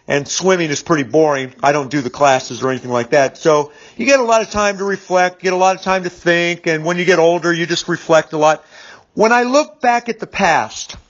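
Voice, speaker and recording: A man's voice: fairly high pitch, a little fast. Rambling fifty-something man, dull lo-fi sound. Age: 50s. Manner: rambling, repeats words, frequent fillers. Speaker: business speaker. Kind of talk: casual storytelling monologue. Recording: dull lo-fi recording.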